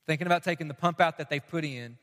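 A man's voice: a little high, fast, a bit bright, in a large hall. A man preaching a sermon as pastor, emphatic and fond of repeating his questions for effect.

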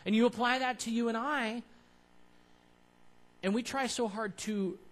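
A man preaching to his church in a conversational way, building to emphatic, louder peaks. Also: very high-pitched, steady tone, unhurried, poor audio. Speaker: pastor. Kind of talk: sermon.

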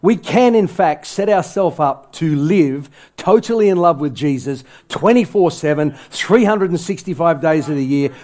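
In a church sanctuary full of worshippers, a pastor preaches with a somewhat high yet dark voice. He speaks with passion, his emphasis climbing and then dropping again.

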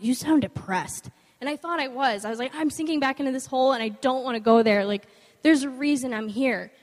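A young woman giving an informal, earnest devotional talk, weaving in a personal story, in a conversational manner. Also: high voice. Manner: earnest, conversational, animated when quoting others. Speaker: speaker sharing a devotional. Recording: long hall reverb.

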